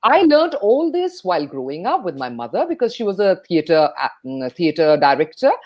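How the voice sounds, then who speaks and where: A woman talks as a guest about public speaking. Her pitch swings widely, high then low, as she plays up rhythm and pauses. She speaks like a trained radio voice. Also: big pitch swings, a little mellow. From India. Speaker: guest, speech coach and radio jockey. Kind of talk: enthusiastic interview talk.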